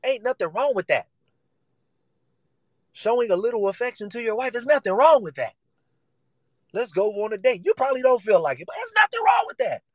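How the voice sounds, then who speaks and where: A man's voice: extremely high pitch, very animated, brisk, long pauses, no room sound, rough recording. A man preaching a sermon in casual vernacular, emphatic and repetitive, acting out the voices he quotes.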